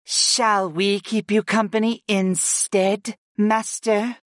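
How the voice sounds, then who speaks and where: A man voicing a slick, fawning female snake goddess in an audiobook, speaking slowly and slyly. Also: high-pitched, little pitch movement, a bit bright, no room sound, studio quality, pitched above the performer's own voice. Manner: slow, smooth and sly. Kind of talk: audiobook character voice.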